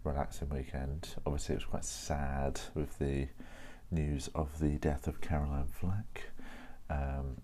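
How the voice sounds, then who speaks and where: A man's voice: very deep voice, flat delivery, unhurried, dark tone. A man hosting a podcast, chatting casually and rambling at his desk, often correcting himself. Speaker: podcast host. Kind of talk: casual solo chat.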